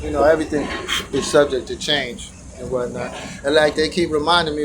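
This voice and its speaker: A man's voice: medium pitch, fairly even intonation, brisk, noisy background. A man vlogging outdoors, telling a meandering reflective story as part of a daily teaching, with frequent restarts and bursts of animation when he retells being challenged.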